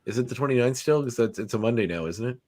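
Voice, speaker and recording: A man's voice: medium pitch, animated, racing, a little mellow. Male co-host, mid-range voice, chatty, joking, stumbles over words, video call. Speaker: podcast co-host.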